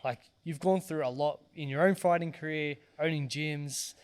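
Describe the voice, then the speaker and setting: A man's voice: fairly high pitch, normal speed, clear, resonant tone. A man hosting a podcast, speaking in an encouraging, conversational way. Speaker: podcast host. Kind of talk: casual interview chat.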